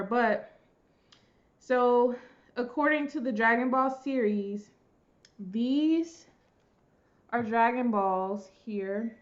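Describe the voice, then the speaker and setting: A woman hosting her own channel, casually chatting to viewers as she opens a pick-a-card tarot reading, excitable and informal. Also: medium pitch, highs cut off. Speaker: tarot reader and channel host.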